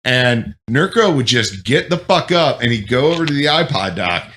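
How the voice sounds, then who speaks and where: A man hosting a casual talk show, telling war stories in a profane, animated way. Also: medium pitch, moderate pace. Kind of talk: casual chat.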